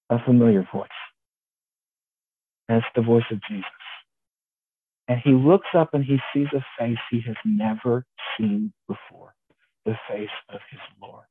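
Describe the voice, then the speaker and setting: A man preaching a sermon, retelling a story in an animated, wry, conversational way. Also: medium pitch, measured pace, long pauses. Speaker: pastor. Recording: tinny phone-like sound, faint hiss.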